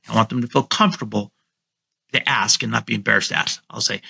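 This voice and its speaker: Gravelly husky guy on a call, bright edge, coaching real estate folks, repeats himself a lot. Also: mid-range voice, steady tone, fast. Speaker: real estate agent guest. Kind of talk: casual interview chat. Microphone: remote call.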